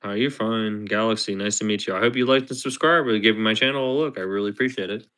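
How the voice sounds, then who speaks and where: A man's voice: fairly low pitch, quick pace, a bit bright, smooth. A man chatting casually on a live stream, rambling and chuckling as he reads chat aloud.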